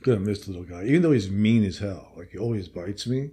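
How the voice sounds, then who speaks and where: A man's voice: on the low side, lively intonation, quick pace, warm tone. Offhand joking man hosting a podcast. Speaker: podcast host. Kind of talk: casual chat.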